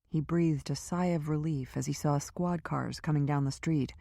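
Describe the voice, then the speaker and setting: A woman reading a crime thriller audiobook in an even, measured narration. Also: low-pitched, no room sound, clean studio sound. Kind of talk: scripted narration.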